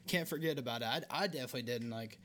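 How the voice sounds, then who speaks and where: A young Southern man from the American South hosts a casual podcast interview, his medium-pitched voice racing and a bit bright. He rambles, restarting often and leaning on lots of fillers.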